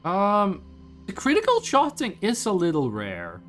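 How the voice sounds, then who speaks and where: A young man from Scandinavia streaming a game, joking and teasing his chat in casual banter. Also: slight background noise. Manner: animated, quick swings in pitch.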